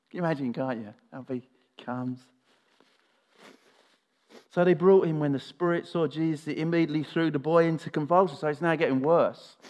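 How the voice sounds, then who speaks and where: Male preacher, sermon, expressive storytelling, earnest, fairly high voice. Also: fairly quick. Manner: expressive storytelling, shifting from animated to soft and earnest.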